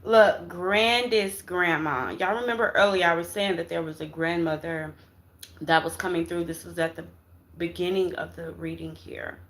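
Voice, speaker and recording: This tarot reader's voice is on the low side yet fairly bright as she casually offers a spiritual reading to viewers. She repeats herself, speaks emphatically, calls everyone "y'all" and "baby," and checks in with "okay?" after almost every phrase, sometimes adding "Ashe."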